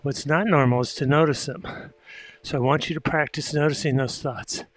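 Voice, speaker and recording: A man leading an indoor cycling class, coaching in a calm, reflective way while out of breath from pedaling. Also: mid-range voice, normal speed, no room sound, low-quality recording. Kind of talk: guided meditative spin class coaching. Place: indoor cycling room with windows. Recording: instructor over loud background music. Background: loud yoga music.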